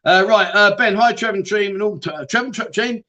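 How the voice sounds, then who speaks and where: A man's voice: sits high, fairly quick, sharp tone, lo-fi sound. A man hosting a casual livestream, reading out viewer comments and teasing them with banter. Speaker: livestream host.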